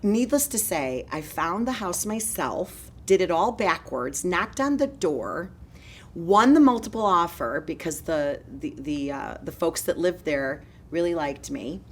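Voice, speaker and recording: Energetic low-voiced woman broker. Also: slight background noise. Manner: energetic, fast-moving storyteller. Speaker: real estate broker and company leader. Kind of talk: interview storytelling.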